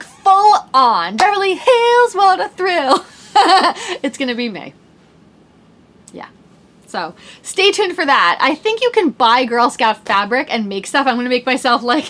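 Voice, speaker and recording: A woman's voice: on the high side, fairly bright tone. A woman in her thirties hosting a podcast, talking in a bubbly, chatty way and saying "like" a lot. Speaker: podcast host. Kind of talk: casual chat.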